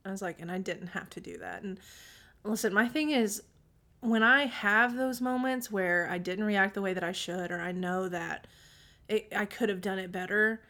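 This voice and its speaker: Animated mom telling a story. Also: female voice, mid-range voice, moderate pace. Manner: animated storytelling, acts out quotes; frequent throat clearing. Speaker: podcast co-host. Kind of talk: casual chat.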